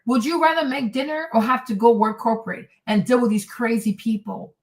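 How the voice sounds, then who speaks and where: A woman's voice: a little high, a little fast, a little mellow. A woman hosting a commentary show, reacting to clips with indignant, mocking sarcasm. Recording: echoey room, distant mic.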